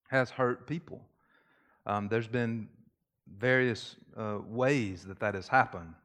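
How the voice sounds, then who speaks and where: A man preaching a sermon, leading a short prayer and explaining terms in a measured way, repeating key phrases for emphasis. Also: medium pitch, fairly bright tone. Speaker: pastor.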